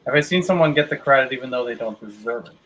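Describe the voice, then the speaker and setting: A man's voice: mid-range voice, animated, quick pace, a bit bright, slight background noise, poor audio. A man co-hosting a casual chat, thoughtful and hedging as he searches for the right words. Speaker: podcast co-host.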